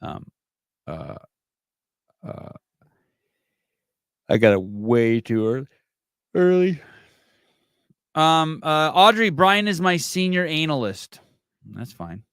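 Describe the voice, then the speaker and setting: A man's voice: a little high, very animated, slow, long pauses, a bit bright, clean tone, no echo, clean studio sound. A man hosting a podcast livestream in a rambling, wry way, swearing freely. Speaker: podcast host. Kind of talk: casual livestream chat.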